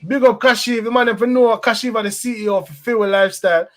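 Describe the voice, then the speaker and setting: A man hosting a football fan stream, chatting in patois with shout-outs and laughing banter. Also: very high voice, steady tone, fast talker. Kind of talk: casual chat.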